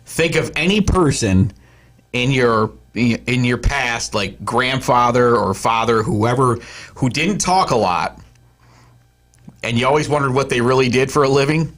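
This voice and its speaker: A man's voice: medium pitch, a little slow, fairly bright tone. A man hosting a podcast in casual chat, joking and teasing. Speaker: podcast host.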